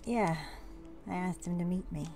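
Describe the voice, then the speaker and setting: A woman's voice: fairly low pitch, moderate pace, warm tone, faint music behind, natural voice. A woman voicing a casual young woman in a tabletop role-play, talking with many hesitations. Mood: breezy. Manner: casual, hesitant, filler-heavy.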